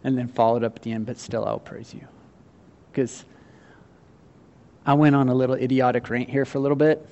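A man preaching a sermon, acting out the quotes and laughing as he goes, then quieting down for the scripture. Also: medium pitch, lo-fi sound. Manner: animated, acts out voices in quotes, laughs often; drops to quiet, slow delivery on scripture. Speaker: pastor.

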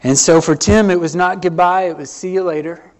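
A middle-aged man, preaching a sermon earnestly, with swells and hushed drops. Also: high-pitched, steady tone, brisk. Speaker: pastor.

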